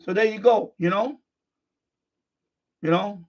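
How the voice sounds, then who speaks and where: A man's voice: high voice, slow pace. A middle-aged man hosting a live stream, talking bluntly off the cuff, frustrated, repeating himself and restarting his sentences. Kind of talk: unscripted live-stream monologue. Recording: dull lo-fi stream audio.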